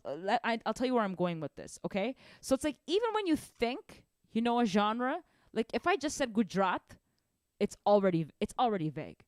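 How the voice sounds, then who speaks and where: A young woman giving a casual drum lesson, animated and rambling, often restarting her sentences. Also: a little high, no room sound, studio quality. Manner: animated, rambling, self-correcting. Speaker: drum teacher.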